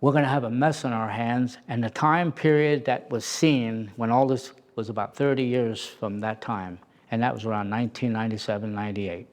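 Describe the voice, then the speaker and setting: A middle-aged man telling stories as an interview guest, animated and acting out the voices he quotes. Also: medium pitch, moderate pace. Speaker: interview guest, former prison officer. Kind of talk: storytelling in a conversation.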